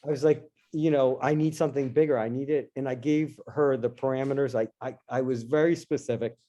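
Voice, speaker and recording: A middle-aged man, a guest in an interview, telling a personal story in an animated, casual way and acting out his own past lines. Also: mid-range voice, brisk, highs cut off. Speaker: interview guest, dentist and investor.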